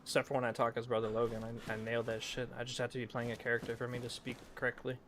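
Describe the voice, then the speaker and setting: A man's voice: medium pitch, completely flat delivery, racing. A man streaming a role-play game, chatting casually in a rambling, self-deprecating way, often mumbling. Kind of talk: casual gaming chat. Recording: noisy background.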